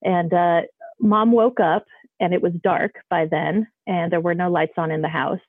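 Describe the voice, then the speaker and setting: A woman's voice: fairly low pitch, steady tone, normal speed, dry recording. Lady calling in on the phone, rambly story, lots of um and like, tinny and dry. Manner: rambling with many fillers and restarts. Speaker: caller. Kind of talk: casual storytelling. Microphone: phone call.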